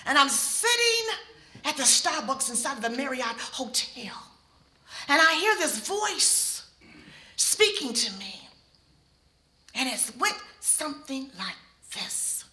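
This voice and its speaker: A middle-aged woman telling a personal story on stage before an audience, expressive and speaking straight to the listeners. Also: high voice, slow, long pauses. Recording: echoey hall.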